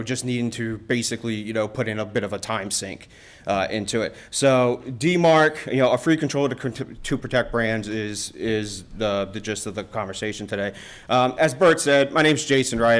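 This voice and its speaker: A man's voice: mid-range voice, smooth. Male presenter, casual conference talk, filler-heavy delivery. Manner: casual, filler-heavy, many "uh" and "you know". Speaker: conference presenter on email security. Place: university lecture room.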